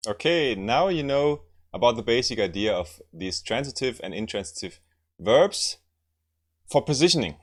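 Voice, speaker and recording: A man's voice: mid-range voice, very animated, normal speed. A man teaching language lessons, explaining grammar and repeating example sentences, often checking in with "right?".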